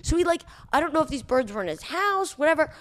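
A young woman, a comedian, telling animated stories in casual podcast chat and swearing freely. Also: high voice, quick pace, no echo. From New York City. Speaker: comedian guest.

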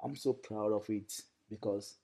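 A man, a content creator chatting as a guest in a relaxed, rambling way with many fillers. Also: lowish voice, measured pace. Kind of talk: casual interview talk.

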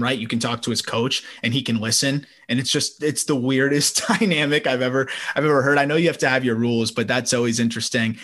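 A man hosting a casual sports podcast from home, chatty and quick to laugh, with frequent restarts. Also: medium pitch, fairly bright tone. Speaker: podcast host. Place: home during a summer thunderstorm.

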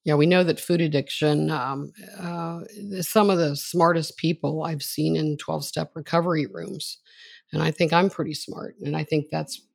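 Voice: medium pitch, level tone, normal speed, creaky, no echo. A podcast host introducing a guest and asking questions in a chatty, admiring, conversational way.

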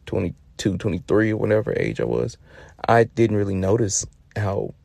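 A man's voice: lowish voice, big pitch swings, moderate pace, creaky, dark tone, dry recording. A man telling funny stories casually, profane and slangy, laid-back with lots of fillers. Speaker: storyteller. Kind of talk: casual comic storytelling.

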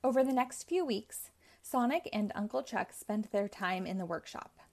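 A woman hosting a read-aloud show, narrating a children's chapter book in a clear, even way. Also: mid-range voice, moderate pace. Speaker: host.

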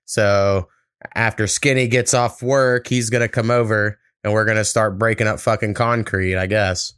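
Laid-back swearing podcast host. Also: male voice, fairly low pitch, steady tone, moderate pace, a bit bright, smooth, no echo, clean studio sound. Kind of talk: casual podcast chat.

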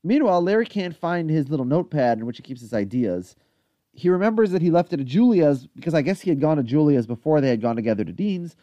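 A man chatting through a TV episode recap on a podcast, his voice bouncing up and down with animated energy. He sounds a touch higher than most men and is recorded close and dry, with no room around him. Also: quick pace, no echo, lo-fi sound. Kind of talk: casual chat.

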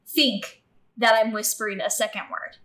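A woman's voice: a little high, steady tone, moderate pace, a bit bright. A woman hosting a casual podcast, chatty and playful, laughing often as she talks. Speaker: podcast host.

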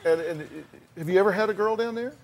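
Man, talk show host, fairly high voice, blunt, emphatic, folksy, repeats words. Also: fast, slight background noise. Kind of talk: confrontational on-stage counseling.

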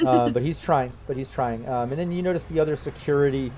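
A man's voice: mid-range voice, quick pace, dark tone, soft background music. A man running a tabletop game as game master, narrating loosely with lots of fillers.

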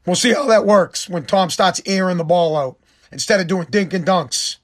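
A man with a fairly high voice rants about football in a heated, profane monologue. He is sarcastic and cuts in hard. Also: moderate pace. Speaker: sports commentator. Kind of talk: ranting sports monologue.

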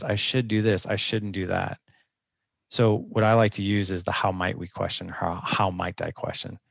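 Gravelly low-voiced man coaching. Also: no room sound, clean studio sound. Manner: earnest, coaching, with frequent restarts. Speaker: guest coach. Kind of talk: conversational interview.

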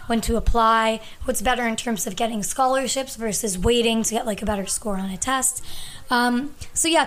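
A woman in her twenties hosting a casual podcast, hoarse and losing her voice, chatty and rambling with lots of ums and likes. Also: on the high side, a bit bright. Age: 20s. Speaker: podcast host. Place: at her family home. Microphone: podcast microphone.

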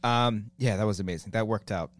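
A man's voice: fairly low pitch, dry recording, studio quality. A man hosting a podcast in casual chat, joking and riffing with his guests. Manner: joking, teasing, quick to riff. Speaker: podcast host. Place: podcast studio set.

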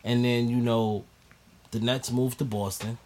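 Guy hosting a podcast, loose and jokey, swears a lot, mid pitched. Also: level tone, measured pace, darkish tone. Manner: joking, profane, loose. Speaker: podcast host. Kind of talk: casual chat.

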